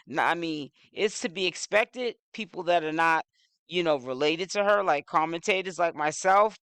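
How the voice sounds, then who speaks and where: A man's voice: high voice, pushed and bright, smooth, no room sound, clean studio sound. A man giving casual commentary, rambling along with lots of "you know" fillers.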